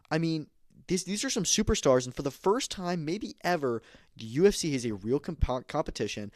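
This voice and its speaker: Man, podcast host, quick emphatic delivery, dry close sound. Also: mid-range voice, a little mellow, no room sound. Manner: opinionated, emphatic, many fillers. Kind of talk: casual combat sports commentary.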